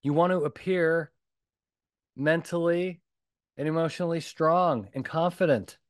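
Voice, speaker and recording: A podcast host with a slightly high voice speaks a little slowly in a solo episode of his own show, recorded at studio quality with no echo. Blunt and emphatic, he's animated and keeps hammering points through punchy repetition.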